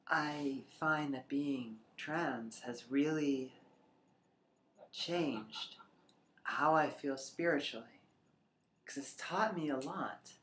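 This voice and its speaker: Speaking slowly with frequent pauses, a trans woman vlogger uses her bass voice to reflect in a personal video. Now and then she rambles or sinks almost to a whisper, and the room is echoey with a faint background hum.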